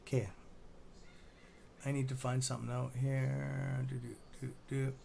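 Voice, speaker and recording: A man's voice: mid-range voice, flat delivery, a little slow, gravelly, dark tone, a little hiss or hum. A man hosting a casual live stock-trading stream, rambling and chatty with a sore throat, swearing now and then.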